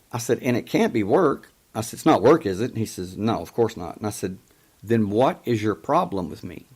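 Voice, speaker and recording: A man's voice: lowish voice, darkish tone, husky. A middle-aged man hosting a call-in talk show, telling a story in an emphatic way and quoting past conversations. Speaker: radio show host.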